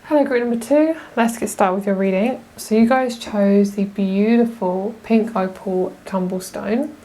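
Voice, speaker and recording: A woman's voice: mid-range voice, measured pace, warm tone, a little hiss or hum. A young woman giving a casual tarot pick-a-card reading, chatty and gushing, often laughing. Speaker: tarot reader.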